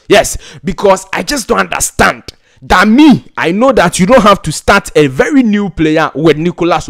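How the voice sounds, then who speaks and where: A man with a Ghanaian accent giving an exasperated, repetitive football rant, laughing in disbelief at times. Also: a little high. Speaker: football pundit. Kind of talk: ranting football commentary.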